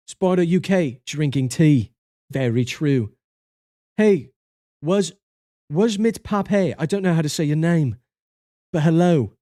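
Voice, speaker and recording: A man's voice: fairly high pitch, mellow, dry recording, studio quality. A man talking casually to his livestream chat, goofy and joking as he reviews game cards.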